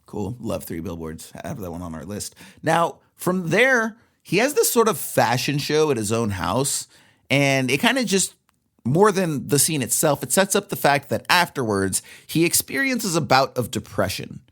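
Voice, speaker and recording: A man's voice: mid-range voice, moderate pace. Guy on a film podcast going through the plot, chill and chatty, voice moves around a lot. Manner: relaxed, recaps the plot at length. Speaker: podcast co-host. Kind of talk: casual film review chat.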